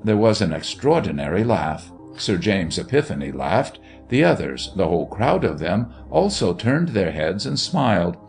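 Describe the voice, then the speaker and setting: A man narrating a story aloud in an expressive, dramatic reading. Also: deep voice, normal speed, gravelly, few pauses, soft background music.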